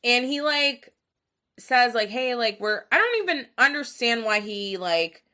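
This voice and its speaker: A woman's voice: fairly high pitch, sing-song, unhurried, bright, forceful tone. A woman in her twenties hosting a podcast, telling a long story in a rambling, profane way full of filler words. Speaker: podcast host. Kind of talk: casual storytelling monologue.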